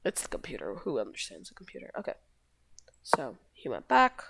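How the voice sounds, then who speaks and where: This chess video host has an extremely low, creaky, slightly bright voice whose pitch swoops wildly, and she talks fairly quickly. Walking casually through positions, she rambles, corrects herself, and shrugs off mistakes loosely, over a little hiss or hum.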